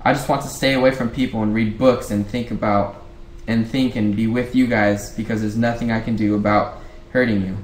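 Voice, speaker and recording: A man's voice: fairly low pitch, steady tone, a little fast. A man reading a novel aloud at home for a book club, casual, now and then rereading a line or stopping to chat. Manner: rereads lines, breaks off to chat. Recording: roomy echo, faint background hiss.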